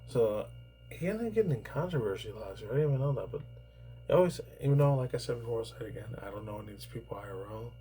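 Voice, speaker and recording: A man's voice: medium pitch, lively intonation, very fast, mellow, a little hiss or hum, low-quality recording. A man in his thirties from New York, rambling through casual commentary, swearing freely and padding his talk with fillers. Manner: rambling, profane, heavy on fillers. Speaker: YouTuber reacting to news.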